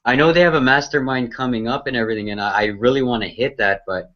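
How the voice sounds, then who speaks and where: A man's voice: mid-range voice, quick pace. A man co-hosting an online marketing broadcast, chatting casually in a loose, hesitant way full of fillers. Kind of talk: casual chat. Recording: dull lo-fi sound.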